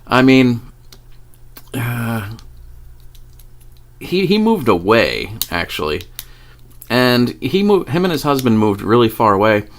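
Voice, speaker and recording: Man, casual vlog storytelling, very lively pitch, swears a lot, laughs often. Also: slow pace, pauses often. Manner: animated, profane, laughs often. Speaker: vlogger.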